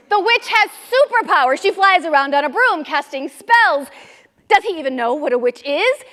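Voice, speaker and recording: A middle-aged woman performing a comic memoir monologue on stage, with indignant, lively storytelling. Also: extremely high pitch. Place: live theater stage. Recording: reverberant hall.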